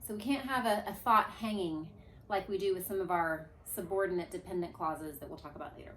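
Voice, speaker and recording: A woman's voice: fairly low pitch, brisk, a little hiss or hum. A woman teacher leading a class through a grammar review in a classroom, coaxing answers and leading chants. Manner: lively, coaxing, leads chants. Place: classroom with a board. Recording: echoey room.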